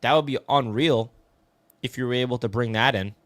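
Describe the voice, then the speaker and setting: On a relaxed live sports talk stream, a man reads out viewer comments and keeps calling people "bro." His voice is mid-pitched, slightly quick and a touch bright, and the recording is dry. He's chatty and responds directly to what viewers write.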